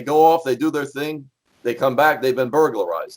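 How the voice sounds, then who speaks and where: A man's voice: medium pitch, moderate pace. A middle-aged man, a former police officer, telling blunt, profane stories as a podcast guest. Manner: animated storyteller, blunt and profane. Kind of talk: casual podcast storytelling.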